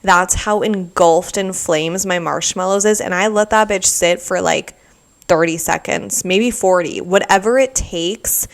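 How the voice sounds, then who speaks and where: Low-voiced woman rambling on her podcast. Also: unhurried, vocal fry. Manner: rambling, peppered with "like", sarcastic asides. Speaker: podcast host. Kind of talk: casual solo podcast chat.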